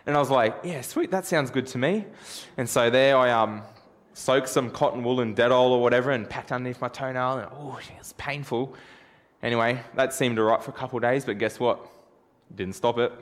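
A man's voice: medium pitch, steady tone, a little fast. A man preaching a sermon through a self-deprecating personal story, chatty and joking.

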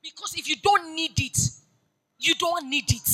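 A woman pastor preaching a sermon. She moves between hushed storytelling and loud, urgent exhortation. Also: sits high, normal speed, poor audio.

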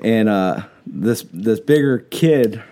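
A man on a podcast chatting casually, telling animated stories and often breaking into laughter. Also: lowish voice, slow pace. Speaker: podcast co-host.

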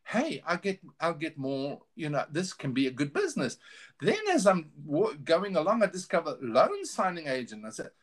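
A man's voice: a little high, sing-song, moderate pace. Earnest middle-aged man, full of restarts. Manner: earnest, candid, with many restarts. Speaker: guest. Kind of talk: casual interview storytelling.

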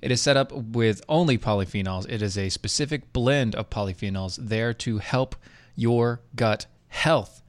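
A podcast co-host chats casually, rambling, restarting sentences, and tossing in sarcastic asides before reading an ad partway through. He has a medium-pitched voice at a moderate pace, recorded with no room sound.

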